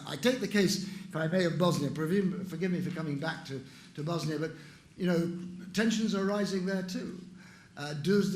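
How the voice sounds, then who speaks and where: A man's voice: on the high side, a little hiss or hum. An older man answering audience questions at a conference, frank and emphatic. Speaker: conference speaker. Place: conference room. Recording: echoey conference hall.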